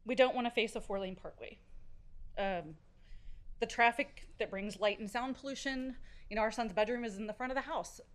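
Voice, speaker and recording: Earnest halting woman at a podium. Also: a little high. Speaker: resident giving public comment. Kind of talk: public comment at a council meeting. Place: city council chamber.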